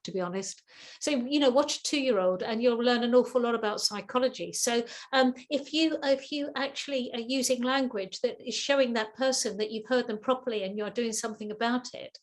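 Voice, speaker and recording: A woman with a fairly high voice answers questions as a guest expert over a video call. She talks in a lively, animated way, often repeating her words and acting out the voices of people in her examples. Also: brisk. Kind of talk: webinar Q&A advice.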